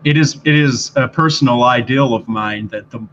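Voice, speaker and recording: A man's voice: medium pitch, a bit bright. Male player, formal in-character delivery, dull lo-fi mic with light noise. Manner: formal, measured in-character speech. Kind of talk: tabletop role-play.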